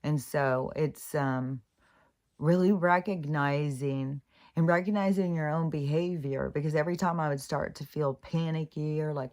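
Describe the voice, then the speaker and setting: A woman talking through her thoughts in a casual spoken reflection, halting and rambling, with frequent restarts and swearing. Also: low-pitched, steady tone, a little mellow. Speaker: vlogger.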